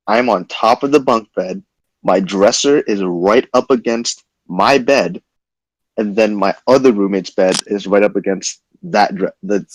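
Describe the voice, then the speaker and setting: A young man casually telling a wild story to his chat, animated and swearing freely. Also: lowish voice, no room sound, low-quality recording. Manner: animated, swearing, quick retelling.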